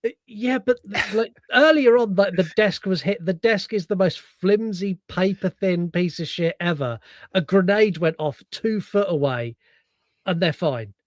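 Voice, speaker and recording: A man with a fairly high voice chats casually about a film, animated and sweary. He acts out scenes with sudden put-on voices. The sound is dry and close. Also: a little slow, no echo. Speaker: podcast co-host. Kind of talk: casual film review chat.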